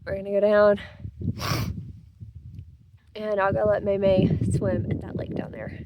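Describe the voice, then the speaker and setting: A woman's voice: medium pitch, monotone, measured pace, highs cut off, very noisy. A young woman narrating her hiking vlog outdoors on a mountain trail, chatting upbeat to viewers and her dog. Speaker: vlogger.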